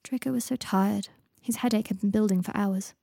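A woman, the author, reading her own story aloud in a calm, even manner. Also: mid-range voice, normal speed, creaky, husky, dry recording, clean studio sound. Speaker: author and reader. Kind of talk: storybook narration.

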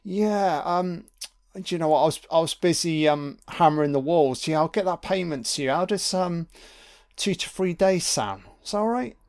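A man's voice: fairly high pitch, moderate pace, voice pushed up, natural voice. A menacing, mocking male tenant, as a man puts him on, taunting in a lilting, profane drawl. The voice sits well above the speaker's normal register. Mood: fake apologetic. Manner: taunting, sing-song, sweary.

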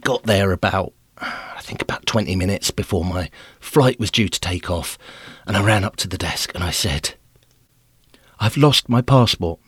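A male podcast host telling a comic story about himself in an animated, self-deprecating way. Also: sits low, normal speed, breathy edge, no room sound, studio quality.

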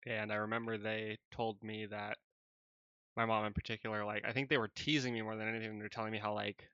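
A man's voice: lowish voice, flat delivery, fast talker, sharp tone, clean tone, dry recording. A man hosting a casual podcast chat, joking loosely and swearing freely. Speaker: podcast host. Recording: dull dry recording.

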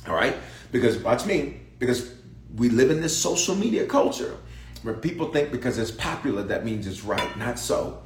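A man's voice: mid-range voice, sing-song, normal speed, slight background noise. A man preaching a sermon, emphatic and repetitive, calling out to his congregation. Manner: emphatic, repeats phrases, calls out to the congregation. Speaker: pastor. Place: large church sanctuary. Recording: echoey church sanctuary.

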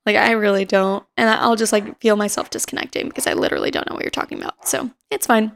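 A woman's voice: medium pitch, steady tone, fast talker, gravelly, a bit bright. A woman in her twenties chatting casually on her own podcast, rambling through stories with lots of fillers and the odd laugh. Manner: laughs now and then while telling stories. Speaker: podcast host. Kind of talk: casual chat.

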